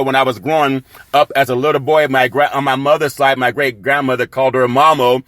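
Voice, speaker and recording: A man hosting his own sports podcast, talking casually and excitedly, shouting catchphrases and laughing at himself. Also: on the high side, no room sound. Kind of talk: casual sports talk show monologue.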